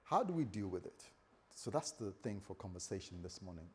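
A man's voice: deep voice, big pitch swings, a little fast, darkish tone, slightly rough. A man preaching a conversational sermon, often repeating words and acting out the voices he quotes.

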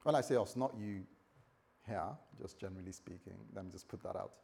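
A man's voice: deep voice, brisk, vocal fry, darkish tone, slightly rough. A man preaching a conversational sermon, often repeating words and acting out the voices he quotes.

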